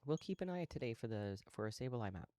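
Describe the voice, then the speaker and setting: A man live-streaming a game, chatting casually with viewers while he plays, relaxed and a little sleepy. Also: mid-range voice, fast, no echo, studio quality. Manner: relaxed, talks to chat while playing, yawning.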